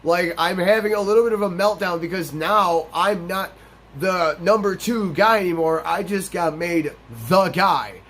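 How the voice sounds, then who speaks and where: A man's voice: sits high, moderate pace, fairly bright tone, slight background noise. A man hosting a gaming channel, telling a rambling, profane, self-deprecating story over a game playthrough.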